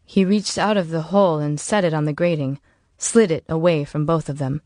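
A woman narrates a novel for an audiobook. Her delivery is measured and even, in a slightly low voice. The sound is dry and close to the mic. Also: dry recording. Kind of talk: scripted narration.

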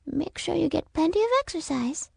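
A woman voicing a fussy, proud older mother who speaks slowly and flutteringly in a high, creaky, breathy voice. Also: expressive, darkish tone, no room sound, studio quality, heavily acted. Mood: doting.

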